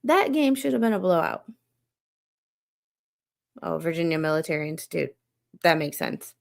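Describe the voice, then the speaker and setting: A woman's voice: deep voice, big pitch swings, normal speed, gravelly. A woman hosting a show, rambling in an unfiltered, exasperated rant and swearing freely. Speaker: podcast host.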